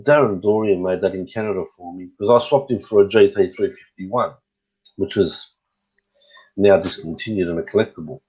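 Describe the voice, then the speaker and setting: A man's voice: sits low, moderate pace, a little mellow, slightly rough, lo-fi sound. A middle-aged man chatting casually as a guest on a live stream, rambling and hesitant with many fillers. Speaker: guest RC hobbyist.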